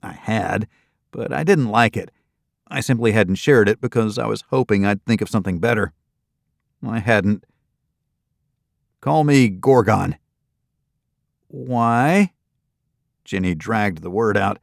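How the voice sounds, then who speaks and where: Gravelly low-voiced male audiobook narrator. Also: normal speed, dry recording, clean studio sound. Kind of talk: first-person thriller narration.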